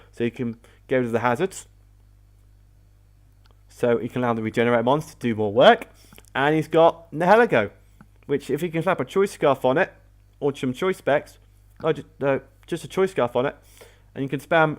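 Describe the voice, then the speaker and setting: A man hosting a casual battle commentary video, rambling and often correcting himself mid-sentence. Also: mid-range voice. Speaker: host.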